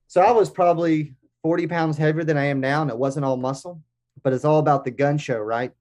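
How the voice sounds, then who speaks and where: An American man in his forties, a podcast guest telling lively anecdotes. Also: fairly high pitch, brisk. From United States. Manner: lively anecdotes with acted-out quotes. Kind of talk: casual storytelling.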